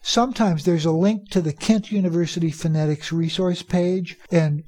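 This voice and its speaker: A man giving a podcast lesson to teachers on pronunciation, stressing example sentences slowly and talking plainly and encouragingly. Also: high-pitched, steady tone, darkish tone. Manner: slow, emphatic model sentences; plain, encouraging talk to listeners. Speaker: teacher trainer.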